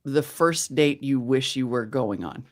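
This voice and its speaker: Bubbly middle-aged woman, podcast co-host, enthusiastic and quick to laugh. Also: rumbling low, a little mellow. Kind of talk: casual chat.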